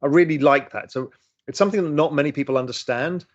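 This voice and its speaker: A middle-aged man with a highish voice speaks quickly as he enthusiastically handles chat questions during a casual livestream in his home room, recorded with slightly dull lo-fi audio.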